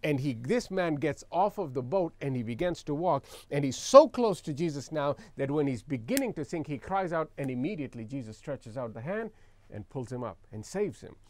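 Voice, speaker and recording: A man's voice: a little high, lively intonation, moderate pace. A man preaching a sermon as pastor, reading scripture aloud and explaining it with emphatic repetition, leading the congregation in call-and-response.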